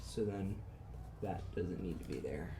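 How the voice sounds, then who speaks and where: A young man in his twenties, a composition student in a one-on-one university lesson, talking things over in a casual, thinking-aloud way. His voice sits fairly low, with faint room sound behind him. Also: lively intonation, a little slow, background noise. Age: 20s. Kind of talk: private lesson discussion.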